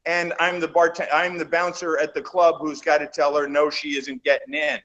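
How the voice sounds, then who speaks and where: A man being interviewed, telling animated show-business anecdotes in a casual, rambling way that trails off and restarts. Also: a little high, normal speed, highs cut off. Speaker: interview guest, actor. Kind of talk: casual storytelling in a shoot interview.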